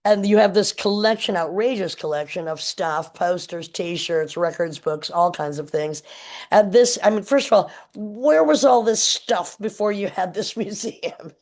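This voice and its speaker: A podcast host interviewing a guest in a music museum, with enthusiastic, quick reactions and plenty of praise. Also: mid-range voice. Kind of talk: casual interview chat.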